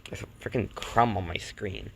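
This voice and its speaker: Gravelly man narrating a cartoon, rambling. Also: fairly low pitch, normal speed, a bit bright, slight background noise. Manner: stumbling, offhand.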